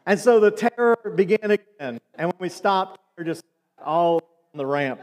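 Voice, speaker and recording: A man's voice: high voice, expressive, moderate pace, a little mellow, in a large hall. A man preaching a sermon, telling stories and asking asides of the congregation in a church. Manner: storytelling, conversational with asides to the congregation. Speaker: pastor. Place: church sanctuary.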